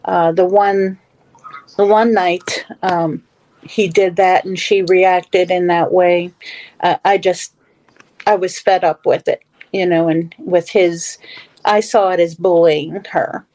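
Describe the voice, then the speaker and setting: A woman's voice: fairly low pitch, fairly even intonation, slow, a little mellow, poor audio. A middle-aged woman telling a personal story as a guest in a casual talk, with many fillers and restarts. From Western Pennsylvania / Ohio area.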